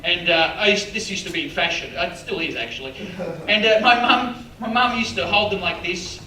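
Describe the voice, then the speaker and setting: A man's voice: high-pitched, moderate pace, bright, forceful tone, a little hiss or hum. A middle-aged man doing stand-up comedy in a chatty, teasing way, slipping in Italian words. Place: live comedy venue. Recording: roomy live room, mic at a distance, crowd laughter. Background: audience laughing.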